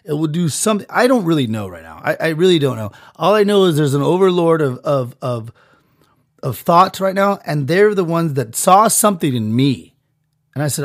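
Rambling crude podcast host, a man, slightly high voice, dry close mic. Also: very animated, normal speed, no echo. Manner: rambling, crude, swings between loud and muttered. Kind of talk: profane mock ad rant.

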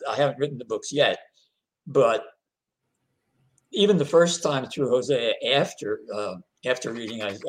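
An older man, an author being interviewed, telling his story in a halting way with frequent repeated words. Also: mid-range voice, poor audio. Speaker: author guest.

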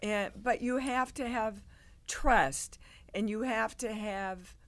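An older woman, a guest actress, telling animated stories in a casual interview and acting out the people she quotes. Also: fairly high pitch, slow pace. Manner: animated storyteller, acts out quoted voices.

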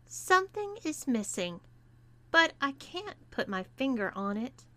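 A woman voicing a stern young woman who gives firm orders, at a slow pace. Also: high-pitched, big pitch swings, bright, forceful tone, no echo, voice pushed up, exaggerated voice. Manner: stern, commanding.

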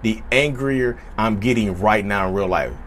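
A man's voice: lowish voice, moderate pace, a bit bright, a little hiss or hum. A man vlogging in a casual storytelling way, chatty and repetitive, often turning to his viewers directly. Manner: chatty, repetitive, keeps addressing viewers as y'all.

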